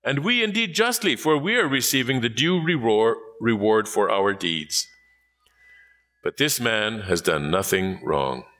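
A man's voice: on the low side, lively intonation, a little slow, fairly bright tone. A man playing a repentant crucified criminal. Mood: earnest. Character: repentant male criminal on a cross.

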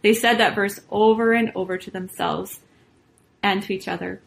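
Woman storyteller reading a children's story aloud, expressive delivery. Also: mid-range voice, normal speed, gravelly, rough recording.

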